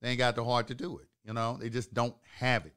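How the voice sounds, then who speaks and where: A man's voice: mid-range voice, little pitch movement, fast, a bit bright. Emphatic man preaching to his viewers. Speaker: host of an online talk channel. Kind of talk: live-streamed monologue to viewers.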